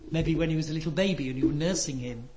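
An older man preaching a sermon, earnest and emphatic, dropping to soft asides. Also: on the high side, quick pace. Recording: echoey hall.

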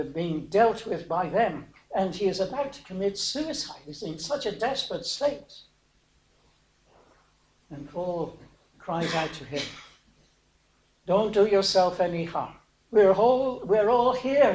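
A man with a high voice preaches a sermon, retelling a story for his listeners. He speaks haltingly, with frequent fillers and rhetorical questions. The sound is echoey, as if in a large room. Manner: hesitant, many fillers, asks rhetorical questions.

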